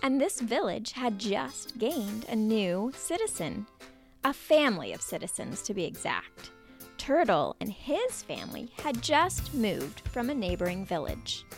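A woman narrating a children's story in a playful, expressive way, at times dropping to a whisper. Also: fairly high pitch, a little slow, faint music behind.

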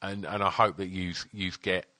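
A man's voice: sits low, level tone, normal speed, sharp tone, no echo. A man co-hosting a podcast, talking in a casual, teasing way with lots of swearing and fillers. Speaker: podcast co-host. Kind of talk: casual chat.

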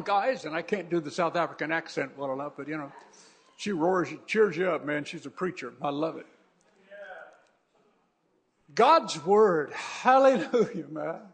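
A man's voice: on the high side, gravelly, breathy edge. A man who is a pastor, preaching a fervent sermon that repeats itself and often restarts.

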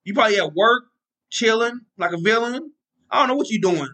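A man's voice: high-pitched, animated, brisk, bright, forceful tone, low-quality recording. A man hosting his own podcast, talking casually and rambling, often repeating himself and joking about himself. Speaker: podcast host. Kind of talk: casual solo sports talk.

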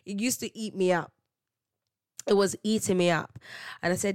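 Animated woman telling stories. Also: fairly low pitch, fairly quick, no room sound, clean studio sound. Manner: animated storytelling, slangy, laughs often, acts out quotes. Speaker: podcast host. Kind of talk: casual solo podcast monologue.

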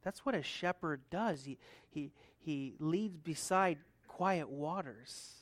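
A man preaching a sermon in a relaxed, conversational manner. He drops to quiet asides, then builds to loud, emphatic repeated points. The sound is close and dry, with no room around it. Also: fairly high pitch, slow, no room sound. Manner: conversational, swings between soft asides and loud emphatic build-ups, laughs often. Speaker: pastor.

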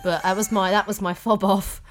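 A woman co-hosting a casual chat, telling animated stories with quick laughs. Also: mid-range voice. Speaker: podcast co-host.

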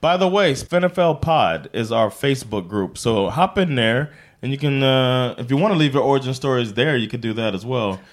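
A man's voice: medium pitch, expressive, normal speed. A man co-hosting a podcast, chatting in an enthusiastic, filler-heavy way. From Sweden. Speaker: podcast co-host. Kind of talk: casual chat.

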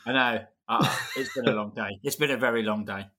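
A man's voice: mid-range voice, brisk, bright, forceful tone. A man co-hosting a podcast, talking casually with dry, self-mocking humour. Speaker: podcast co-host.

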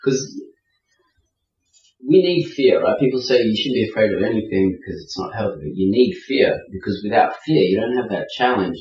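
A man telling travel stories in a casual interview, acting out quotes with animated voices. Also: fairly low pitch, brisk. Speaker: podcast guest, traveler. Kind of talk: casual storytelling. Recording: roomy, distant, dull sound.

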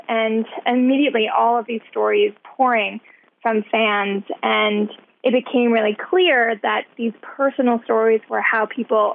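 A woman's voice: on the high side, vocal fry. A woman co-creator of a show, interviewed over a landline, explaining thoughtfully how the idea came about. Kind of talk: phone interview. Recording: tinny landline phone call.

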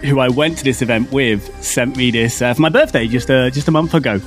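Easygoing podcast guest. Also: male voice, mid-range voice, brisk, faint music behind. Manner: chatty, easygoing, hesitant fillers. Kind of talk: casual chat.

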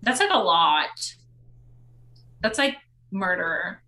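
This young woman's voice is on the low side and she speaks slowly while co-hosting a casual podcast. Recapping a reality show, she's animated, laughs often, and acts out the quotes.

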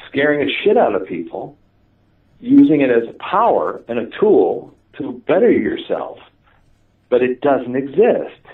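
Male guest, lively storyteller, wide pitch swings, distant tinny audio. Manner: animated, laughing, many fillers and restarts. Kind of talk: casual storytelling in conversation.

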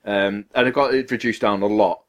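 A man's voice: fairly low pitch, fairly even intonation, a little fast, slight background noise. A man co-hosting a podcast, ranting through a long story in casual chat and swearing freely. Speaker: podcast co-host.

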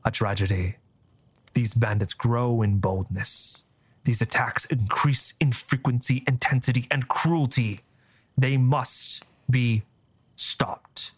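A man voicing a scheming, composed male church cardinal who speaks in measured, formal oratory. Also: mid-range voice, steady tone, breathy edge, dry recording. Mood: solemn.

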